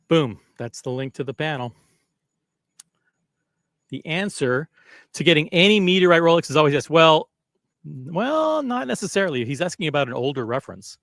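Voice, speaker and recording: Rambling, animated male livestream host. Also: fairly high pitch, moderate pace, long pauses, no echo, studio quality. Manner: rambling, self-deprecating, chatty with viewers. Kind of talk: casual live-stream chat.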